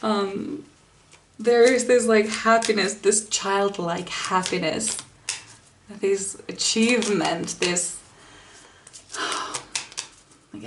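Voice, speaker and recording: A young woman giving a tarot card reading in a soft, unhurried way. She speaks slowly, leaning on fillers and breaking into small giggles, with a gentle, encouraging tone. Her voice sits at an ordinary middle pitch. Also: steady tone, background noise. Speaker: tarot reader.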